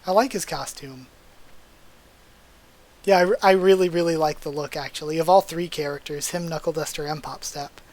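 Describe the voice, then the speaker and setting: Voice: medium pitch, moderate pace, a little mellow. A manga readthrough host giving casual commentary with frequent restarts and laughs. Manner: chatty, stumbles and restarts, laughs often.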